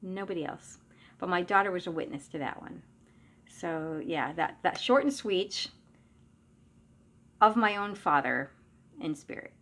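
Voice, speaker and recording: A woman's voice: on the low side, expressive, measured pace, long pauses, fairly bright tone. Middle-aged woman telling a personal story. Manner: conversational, with frequent restarts and trailing asides. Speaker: psychic medium.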